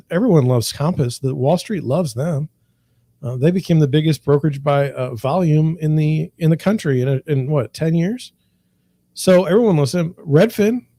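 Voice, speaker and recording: A man's voice: fairly high pitch, dark tone, dry recording. A middle-aged man, a real estate broker, talking candidly and with frustration, repeating himself and restarting his sentences. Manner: frustrated, repetitive, rambling with restarts. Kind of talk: candid monologue to camera.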